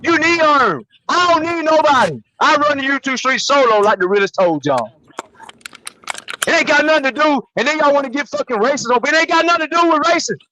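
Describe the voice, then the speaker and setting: High-pitched man ranting angrily. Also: expressive, bright, forceful tone, a little hiss or hum, rough recording. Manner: angry, profane, fast ranting. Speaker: podcast co-host. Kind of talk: heated podcast rant.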